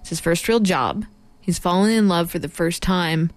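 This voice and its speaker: A woman's voice: fairly low pitch, moderate pace, dry recording. A woman hosting a campus radio arts show, reading a guest introduction and asking playful, teasing questions. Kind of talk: reading an intro, then interviewing.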